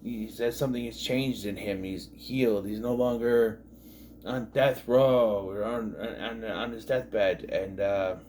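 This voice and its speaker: A man's voice: on the low side, steady tone, unhurried, darkish tone, slight background noise. A man in his thirties giving a casual episode recap, rambling and sarcastic, full of fillers and asides. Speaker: TV show reviewer.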